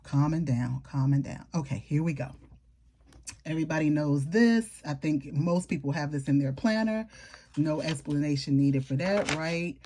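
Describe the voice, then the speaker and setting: A woman with a lowish, mellow voice talks casually through a show-and-tell of her planner. She chats straight to her viewers in an informal, friendly way, with a faint hiss of background noise behind her. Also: normal speed. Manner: chatty, informal, talks straight to viewers with southern-style slang. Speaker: planner vlogger.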